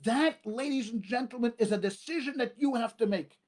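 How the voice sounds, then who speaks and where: A man's voice: extremely high pitch, darkish tone. Emphatic rabbi preaching, man. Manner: emphatic, repetitive preaching with dramatic pauses. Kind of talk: sermon.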